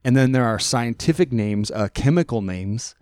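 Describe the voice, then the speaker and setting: A man hosting a podcast in a studio, talking in a rambling, animated, profane way. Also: mid-range voice, normal speed. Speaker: podcast host. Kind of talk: casual chat.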